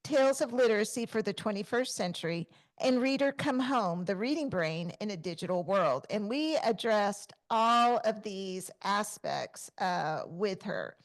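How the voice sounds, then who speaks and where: A woman, co-hosting a podcast in casual chat and telling stories with lively acted-out exclamations. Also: medium pitch, unhurried. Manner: animated storyteller, acts out quoted exclamations. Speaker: podcast co-host.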